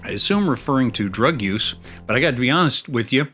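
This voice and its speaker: A male host talks casually while he plays a game, his pitch sitting in an ordinary middle range. He rambles and restarts his thoughts, breaking off with little chuckles. Faint music plays underneath. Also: expressive, quick pace, sharp tone. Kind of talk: casual chat while playing a video game.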